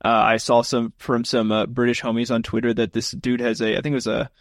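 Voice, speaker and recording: A man's voice: mid-range voice, flat delivery, a little fast, no echo, clean studio sound. A man co-hosting a casual podcast chat, rambling with lots of fillers. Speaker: podcast co-host.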